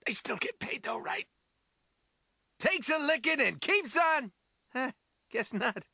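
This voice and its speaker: An actor playing a manic, wisecracking male mercenary in a video game, shouting taunts and one-liners. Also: very high-pitched, lively intonation, a little slow, creaky, no echo, clean studio sound, full character voice. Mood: taunting. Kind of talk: video game character voice lines.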